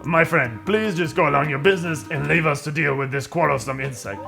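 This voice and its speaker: An actor playing a pompous, French-tinged ruffian in a video game, speaking with haughty, formal diction. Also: male voice, on the high side, fairly quick, vocal fry, pushed and bright, faint music behind, pitched below the performer's own voice.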